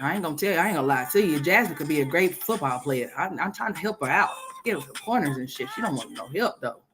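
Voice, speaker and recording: A woman from Oklahoma hosting a commentary stream, ranting brashly with a lot of profanity. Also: deep voice. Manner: brash, profane, loud sassy rants. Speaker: commentary host. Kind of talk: livestream commentary on a reality video.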